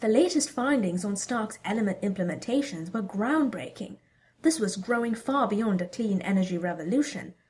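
A woman narrating a fan-fiction story as an audiobook reader, in an even storytelling manner. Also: mid-range voice, normal speed.

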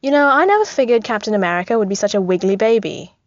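A woman's voice: medium pitch, lively intonation, fast, dry recording, highs cut off, close to an everyday voice. A woman reading a story aloud, voicing a brash, sarcastic grown man who complains a lot.

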